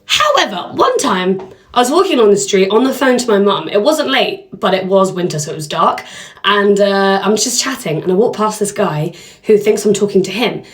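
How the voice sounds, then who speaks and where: A young woman, chatting and telling stories to the camera in a lively way. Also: medium pitch, normal speed. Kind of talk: casual storytelling to camera.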